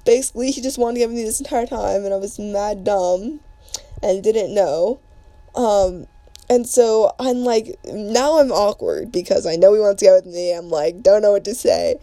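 A young woman spins a long personal story in loose, slang-filled chat, stacking filler words as she goes. Her voice is soft and mellow rather than bright. The recording is close and dry, with no room sound. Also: mid-range voice, normal speed, no echo. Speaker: podcast host.

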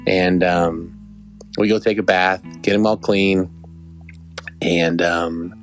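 A man's voice: deep voice, fairly even intonation, takes it slowly, soft background music. A young adult man hosting a podcast, telling a rambling, affectionate story with many restarts. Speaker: podcast host. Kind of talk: casual storytelling.

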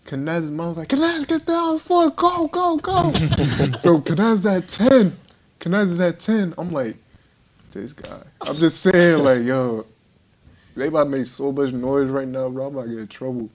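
A man's voice: a little high, moderate pace, a little hiss or hum. Young man telling a rowdy story. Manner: animated, laughing, acts out voices of others. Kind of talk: casual storytelling among friends.

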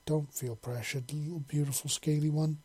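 A gentle alien woman with mandibles and tusks purrs her words softly, as a man reads her part. The tone is mellow and a little husky, close and dry. It sounds like a storybook reading. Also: fairly high pitch, steady tone, normal speed, no room sound. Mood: soft, tender. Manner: soft purring delivery.

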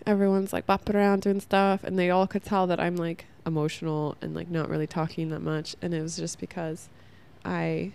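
A woman's voice: on the low side, creaky, darkish tone, smooth. A young woman hosting a casual spiritual self-help podcast, rambling earnestly with lots of "like" and laughing at herself. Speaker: podcast host.

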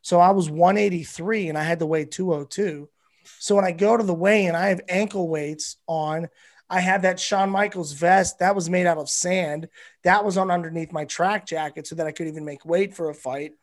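A man's voice: high-pitched, steady tone, normal speed. A male comedian guesting on a podcast, telling a rambling, profane story in casual chat.

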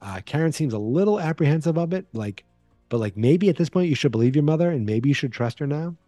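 Male podcast host, dark mellow tone, dry close sound, loose chatty recap style. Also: fairly high pitch, expressive, quick pace, dry recording, faint music behind. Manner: rambling, chatty, frequent fillers and restarts. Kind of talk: casual horror movie recap.

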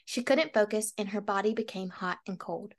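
A young woman co-hosting a book podcast, trading dry quips in casual chat and reading chapters aloud at a steady pace. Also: medium pitch, normal speed.

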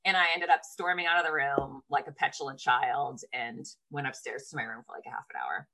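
A woman co-hosting a podcast, an animated storyteller who swears casually in relaxed chat. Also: a little fast, rough recording. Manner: animated storyteller, voice jumps high when reliving moments. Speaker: podcast co-host.

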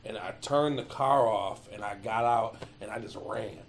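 A man's voice: fairly low pitch, moderate pace, slight background noise. A man from Michigan telling stories in a casual chat, swearing a lot and acting out what people said. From Michigan, USA. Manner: animated storyteller, heavy swearing, acts out quotes.

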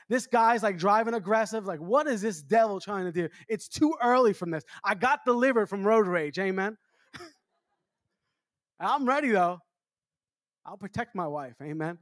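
Speaking a little slowly in a high voice, an animated American evangelist tells stories from the pulpit at a church revival meeting. He jokes and performs the quotes with big jumps in pitch, and the studio-quality audio has no echo.

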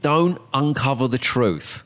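A man's voice: medium pitch, animated, takes it slowly. A man with an English accent, hosting a podcast in casual, dry and teasing chat. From England. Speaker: podcast host.

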